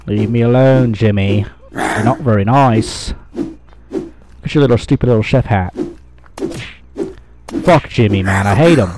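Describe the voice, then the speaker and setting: Guy doing a cheesy fake brit accent, grumpy and sweary, lowish voice. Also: measured pace, pauses often, noisy background. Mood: grumbling. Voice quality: clumsy put-on accent, swearing. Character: grumpy foul-mouthed man with fake British-style accent.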